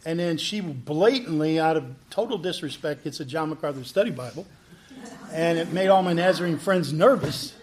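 A man who is a pastor, telling a personal testimony in an animated way and acting out the lines of people in his story. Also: a little high, normal speed. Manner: animated, acts out quoted dialogue.

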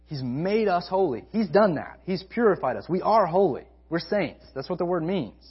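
A man preaching a sermon to a college ministry, emphatic, repeating key phrases and swinging between loud stresses and soft asides. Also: sits high, very animated, normal speed, slightly rough, lo-fi sound.

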